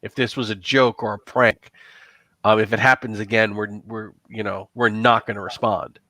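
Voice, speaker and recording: A man voicing a stern city watchman who lectures in a brisk, official way. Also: fairly low pitch, level tone, pushed and bright, dry recording.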